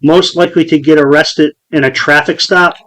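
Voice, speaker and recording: With a slightly high, somewhat bright voice, fairly even intonation and a moderate pace, a podcast host in his forties tells a story. It's casual chat, profane and rambling with many restarts, captured on a low-quality recording.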